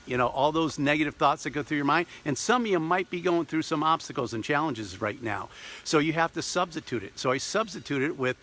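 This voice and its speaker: A middle-aged man, a business coach, telling a personal story in a motivational vlog with an animated manner. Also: on the high side, a little fast, slight background noise. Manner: lively, animated, acts out quotes and voices. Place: recording on a trip abroad.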